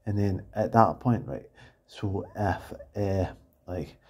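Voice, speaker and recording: Husky, low-voiced Scottish man rambling. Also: slow, darkish tone. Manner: rambling, tags lines with "eh?" and "and that". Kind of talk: casual rambling monologue.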